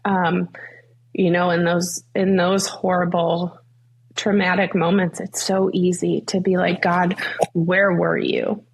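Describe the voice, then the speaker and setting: Young woman guest, earnest faith story, gravelly and husky, lots of "like" and "um". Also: on the low side, little pitch movement, unhurried. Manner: earnest, many fillers like "like" and "um". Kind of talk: faith interview, personal story.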